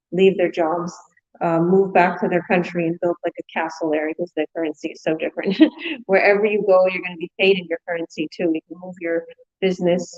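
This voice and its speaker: A woman's voice: fairly low pitch, a little mellow, highs cut off. A woman hosting a live business webinar, chatty and effusive, with many fillers.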